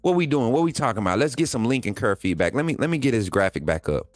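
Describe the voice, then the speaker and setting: An excitable man hosting a sports livestream, talking straight to his viewers and reading their chat. He repeats phrases and uses casual slang. The sound is dry and close, with faint music underneath. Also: medium pitch, fast, no room sound. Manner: excitable, hypes players, talks straight to viewers. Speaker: sports channel host.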